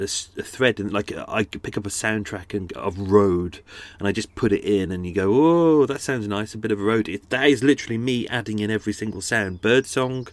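A podcast host with a lowish voice and a slightly congested nose rambles casually while recording on a houseboat. He's chatty, wandering off topic, with frequent asides and restarts. The recording, made close up on a studio microphone, is dry.

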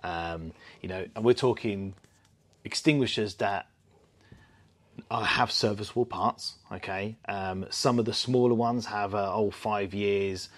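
Man telling stories, low voice. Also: a little slow. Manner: storytelling, animated with quoted voices. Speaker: podcast co-host. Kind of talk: casual chat.

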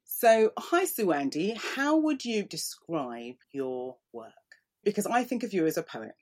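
A woman's voice: mid-range voice, big pitch swings, a little slow, darkish tone. A woman interviewing a poet, asking curious, probing questions.

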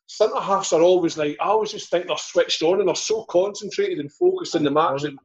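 A man co-hosting a podcast, musing in a rambling way with plenty of "like". His voice is a little high for a man, and the recording sounds slightly dull and lo-fi. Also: brisk. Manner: thoughtful, rambling with "like". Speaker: podcast co-host, ex-footballer. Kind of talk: casual chat.

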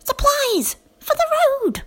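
A woman's voice: very high voice, wildly swooping pitch, slow, a bit bright, pitched above the performer's own voice, exaggerated voice. A woman doing an eager whispering little girl. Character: bold adventurous young girl.

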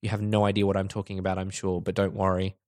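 A man's voice: deep voice, monotone, quick pace, a little mellow, no room sound, studio quality. A man in casual chat on a podcast, earnestly sharing film moments and teasing his co-hosts. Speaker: podcast co-host.

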